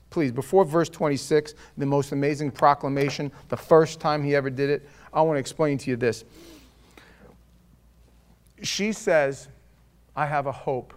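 Male pastor, somewhat high voice, chatty sermon delivery with dry humor, shifts from loud to hushed. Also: steady tone, moderate pace, pauses often. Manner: conversational, wry and humorous, swinging between loud and hushed.

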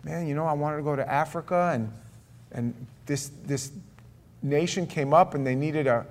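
A middle-aged man preaching a sermon, telling a story with lively acted-out dialogue. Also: on the high side, normal speed. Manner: storytelling, animated, acts out dialogue. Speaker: pastor.

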